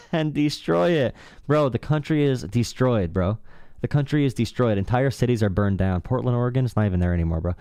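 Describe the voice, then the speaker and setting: A man's voice: mid-range voice, quick pace, mellow, smooth, dry recording, studio quality. A young man hosting a casual political call-in stream, sarcastic and mocking. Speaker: livestream talk show host.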